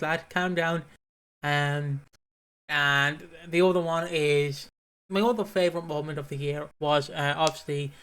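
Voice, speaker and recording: A man's voice: a little high, a bit bright. A British man co-hosting a podcast in loose, rambling casual chat, full of fillers. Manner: rambling, loose, says "obviously" and "lad" a lot. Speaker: podcast co-host.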